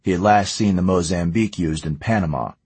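Male narrator, deep and slightly husky, steady measured read, dry close sound. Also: dry recording. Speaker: audiobook narrator. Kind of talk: scripted narration.

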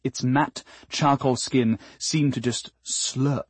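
A man narrating an audiobook in a husky tone. He delivers the story with wry, dry comic timing. The recording is close and dead, with no room sound. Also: mid-range voice, steady tone, slow, dry recording. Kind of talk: expressive scripted narration.

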